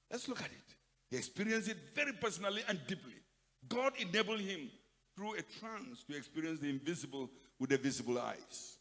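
An older man with a Nigerian accent delivers an emphatic sermon, often repeating his words and dropping from loud calls to quiet asides. His voice sits fairly high for a man. It rings out with a long reverb from a big hall. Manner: emphatic, repeats phrases, swings from loud to soft. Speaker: pastor. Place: large conference hall.

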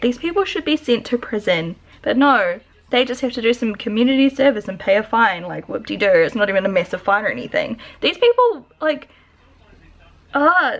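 A woman's voice: on the high side, vocal fry. A woman, chatting casually in a home vlog and talking to her dog. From New Zealand. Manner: chatty, lots of "like" fillers, talks to her dog. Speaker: vlogger. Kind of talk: casual daily vlog chat. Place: home, indoors.

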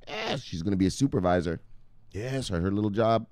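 A man hosting a casual crypto video, reading out viewer comments in a rowdy, foul-mouthed way, with shouted catchphrases between muttered asides. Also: fairly low pitch, expressive, brisk, no echo, studio quality.

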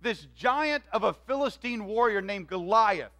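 Bright, high-voiced man preaching. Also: a little slow. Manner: animated, acts out quoted voices. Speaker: pastor. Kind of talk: sermon storytelling. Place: church.

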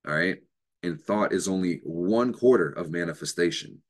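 Man, very low voice, astrology host, unscripted motivational talk, profane, emphatic. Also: normal speed. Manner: profane, emphatic, animated with laughs.

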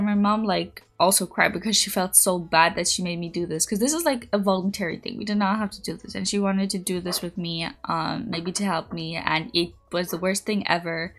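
Young girl streamer rambling thru a story, mid pitch voice, lil music in the back. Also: normal speed, fairly bright tone. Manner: rambling storytelling, squeals greetings to chat. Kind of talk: casual chat.

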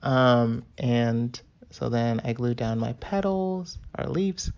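Chatty man with a gravelly, raspy voice. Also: mid-range voice, expressive, slow pace, darkish tone, dull audio. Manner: chatty and playful. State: slightly raspy from allergies. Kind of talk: casual craft tutorial voice-over.

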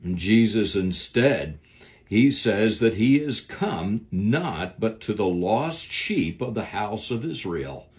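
A man's voice: fairly low pitch, big pitch swings, takes it slowly, darkish tone. A man giving a devotional Bible lesson, preaching in an earnest, emphatic way. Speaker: Bible teacher.

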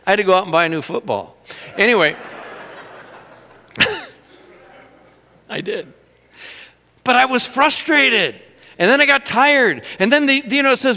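A middle-aged man preaching a sermon, animated and breaking into laughter as he tells stories. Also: extremely high pitch, moderate pace, long reverb tail. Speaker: pastor.

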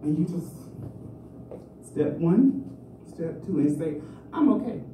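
A man's voice: fairly high pitch, expressive, slow, dark tone. A man doing stand-up at an open mic in a small club, rambling and self-mocking, often laughing at his own jokes. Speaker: stand-up comedian. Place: small comedy club stage. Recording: roomy club sound from far off, faint noise.

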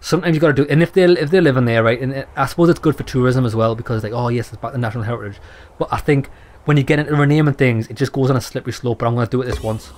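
Young male gamer, rapid, blunt, sweary let's play commentary. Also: mid-range voice, a little mellow. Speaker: gaming YouTuber. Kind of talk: let's play commentary, reading game text aloud.

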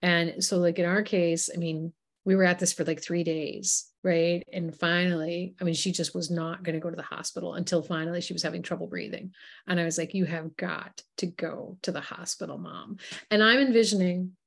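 A woman guest author in an interview, telling animated stories and acting out the voices of the people in them. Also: on the low side, brisk, creaky. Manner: animated storytelling, acts out quoted voices. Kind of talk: interview conversation.

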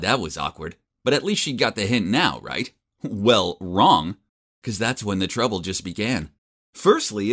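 A young man tells an animated story in the first person as a nerdy teenage boy. His voice sits at a middle pitch and leaps around constantly, full of awkward, expressive swings. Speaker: narrator.

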